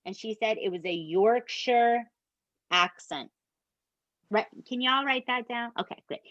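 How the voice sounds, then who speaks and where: A woman's voice: on the high side, measured pace, long pauses, no echo. Woman, chatty true crime podcast host, dull dry sound. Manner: animated, swears, addresses listeners as "you guys". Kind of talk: true crime storytelling chat.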